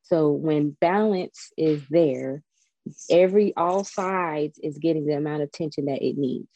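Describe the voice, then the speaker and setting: Chatty woman with a dark, dry voice. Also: sits low, a little slow, no room sound, rough recording. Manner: chatty, digressive, animated storytelling. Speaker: spiritual guest. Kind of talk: casual spiritual chat.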